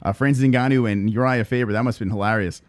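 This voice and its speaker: Excitable podcast host, dry close sound. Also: male voice, mid-range voice, quick pace, dry recording. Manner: excitable, hyping the guest. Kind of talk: casual interview.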